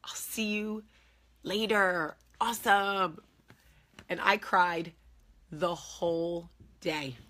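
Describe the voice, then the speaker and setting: A woman hosting her own show, telling a personal story in a candid, animated, emphatic way, acting out what people said. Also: lowish voice. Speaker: show host.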